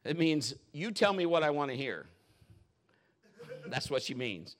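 A middle-aged pastor delivers a lighthearted sermon, his voice sitting a little high for a man. He jokes and chuckles as he goes, punching some lines loudly and dropping others almost to a murmur. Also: a little slow. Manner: animated, jokey, laughs often, swings loud and soft. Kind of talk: humorous sermon. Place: church.

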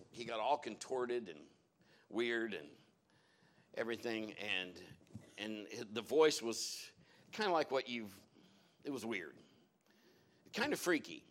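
A man preaching a sermon to his congregation in a church, telling folksy stories as he goes. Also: medium pitch. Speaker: pastor.

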